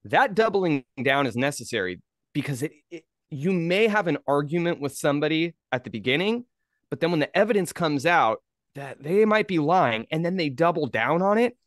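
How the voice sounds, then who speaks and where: A man's voice: on the high side, big pitch swings, normal speed, dry recording, clean studio sound. A man in casual podcast chat, talking emphatically and swearing. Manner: emphatic, profane.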